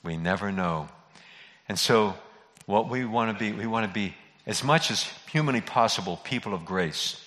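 A man's voice: on the low side, lively intonation, moderate pace, fairly bright tone, big-room sound. A man preaching a sermon in an earnest way, repeating key phrases for emphasis. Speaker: pastor.

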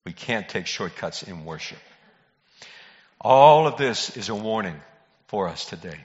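A man's voice: on the low side, expressive, a little slow. An older man preaching a sermon in a folksy, conversational way, telling jokes and calling out to people in the pews. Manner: folksy joke-telling preacher who calls out to congregation members. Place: church sanctuary. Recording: dull recording in a reverberant hall.

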